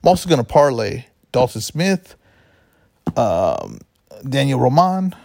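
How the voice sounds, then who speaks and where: A man's voice: medium pitch, wildly swooping pitch, measured pace, vocal fry, a little mellow, no room sound, studio quality. A man hosting a casual sports betting talk show, rambling and correcting himself as he goes. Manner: chatty, rambling, self-correcting. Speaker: podcast host.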